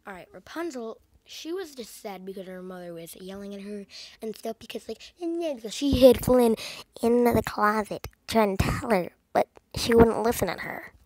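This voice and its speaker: A woman's voice: mid-range voice, moderate pace, a little mellow, dry recording. A woman casually recapping a movie's plot, rambling with lots of fillers and sarcastic asides. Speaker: movie reviewer.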